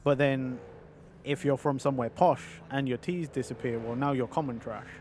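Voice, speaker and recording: A man with a London accent talks loosely while he plays, wandering from topic to topic, swearing easily and laughing at himself. His pitch sits in an ordinary middle range. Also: fairly even intonation, normal speed, darkish tone, slight background noise. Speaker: streamer. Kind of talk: casual chat while gaming.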